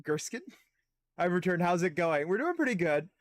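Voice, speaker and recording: Young male streamer, high voice, casual and profane. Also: very animated, moderate pace, dry recording. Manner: profane, laughing, chatty. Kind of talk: casual gaming stream, reading dialogue aloud.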